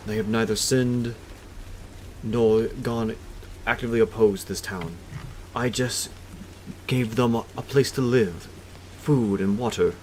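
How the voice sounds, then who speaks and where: A man's voice: mid-range voice, steady tone, slow pace, a little mellow, a little hiss or hum, natural voice, rough recording. A man voicing a humble, pleading male zealot leader in a tabletop game.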